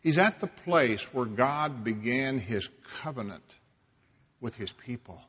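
A man preaching a sermon, emphatic, dropping to a hush and rising loud for stress. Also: medium pitch, expressive, husky, in a large hall. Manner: slow, emphatic, swings between hushed and loud.

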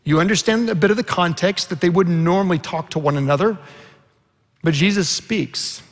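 Gravelly preacher in a reverberant hall. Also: male voice, sits high, normal speed. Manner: earnest storytelling preacher, quoting scripture with rising intensity. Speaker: pastor. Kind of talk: sermon.

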